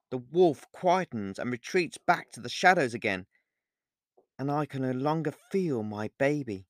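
A man reads his own novel aloud in a steady, earnest first-person narration. His voice sits in a middle pitch, and the recording is dry and close with no room sound. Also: unhurried, no echo. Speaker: author reading his novel.

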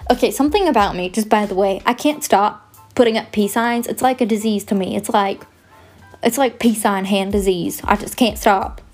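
A woman's voice: medium pitch, moderate pace, faint music behind. A young woman hosting her podcast, chatting in a rambling, goofy, self-mocking way. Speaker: podcast host. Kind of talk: casual rambling chat.

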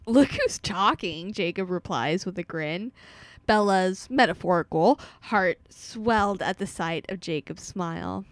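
A woman's voice: lowish voice, a little slow, dry recording. A woman co-hosting a podcast, chatting and reading a book summary aloud with frequent giggles. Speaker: podcast co-host. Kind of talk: casual chat and reading aloud.

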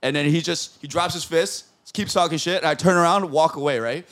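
A man telling a fight story in casual podcast chat, animated and full of swearing, acting out what people said. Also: a little high, a little fast. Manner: animated storyteller, swears a lot, acts out quotes. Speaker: podcast host.

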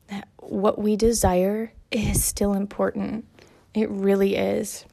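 A young mother folds laundry while chatting in a casual monologue, sharing self-care advice, a bit out of breath. Her voice is medium-pitched, slow and creaky with a warm tone and little pitch movement. She's chatty and encouraging, with lots of fillers.

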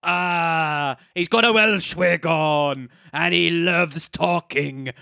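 A man's voice: on the high side, slow pace, gravelly, bright, forceful tone, clear, resonant tone, no room sound, clean studio sound. A man chatting casually and playfully joking. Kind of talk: casual chat.

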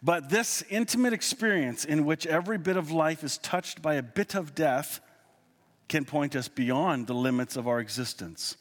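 A man giving a sermon, earnest and reading scripture slowly, with quick asides full of fillers. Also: fairly high pitch. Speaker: pastor. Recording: long hall reverb.

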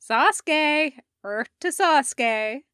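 In a fanfiction audiobook, a rowdy young male ninja yells and needles his friend in a high, punchy voice, as a woman reader puts him on. He sounds loud, cocky and incredulous, and the close recording has very little room sound. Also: big pitch swings, slow pace, no room sound, heavily acted. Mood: loud teasing. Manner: shouty, incredulous, teasing.

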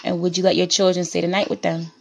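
Woman, podcast host, preachy, profane, repetitive, lowish voice, faint music underneath. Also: little pitch movement, fast talker, vocal fry, darkish tone. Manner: preachy, blunt and profane, repeats phrases for emphasis. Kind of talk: impassioned monologue.

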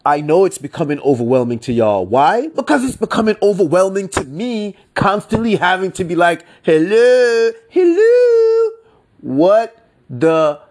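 A man hosting his own podcast, talking casually in slang, exasperated and drawn out, with mocking outbursts. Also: expressive. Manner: slangy, exasperated, slow and drawn out with sudden high-pitched mock outbursts. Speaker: podcast host. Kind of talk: casual solo podcast commentary.

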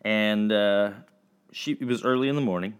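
A man teaching children, telling a story in a chatty, halting way full of fillers. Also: lowish voice, smooth.

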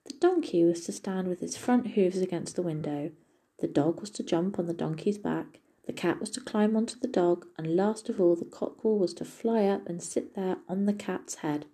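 A woman reads a fairy tale aloud in a steady, gentle manner. Her voice is low and husky. Its tone is deeply dark and mellow. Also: normal speed. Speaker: storyteller. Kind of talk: storybook narration.

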